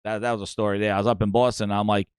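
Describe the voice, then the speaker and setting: A man's voice: lowish voice, racing, smooth, no room sound, clean studio sound. A middle-aged man with a New York accent hosting a casual gaming livestream, hyping and thanking viewers and telling rambling stories. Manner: excitable, hypes and thanks viewers, rambling storytelling. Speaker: gaming show host.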